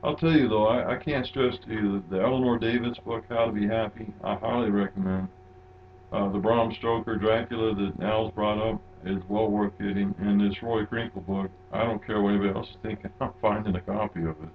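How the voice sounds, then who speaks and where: A man co-hosting a podcast, chatting casually and laughing often in a relaxed, rambling way. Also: fairly low pitch, fairly quick, phone-quality sound. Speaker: podcast co-host. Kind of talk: casual chat.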